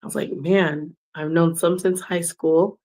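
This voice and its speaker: A woman's voice: fairly low pitch, fairly even intonation, measured pace, dark tone. A woman in her forties hosting a podcast, talking casually and personally late at night, acting out the exchanges she recalls. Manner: casual, chatty, acts out quoted exchanges. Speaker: podcast host.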